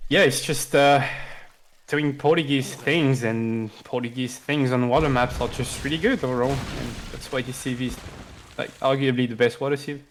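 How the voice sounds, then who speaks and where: A man's voice: medium pitch, steady tone, moderate pace, a little hiss or hum, low-quality recording. Laid-back male analyst. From France. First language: French. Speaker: co-caster, game analyst. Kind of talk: game commentary.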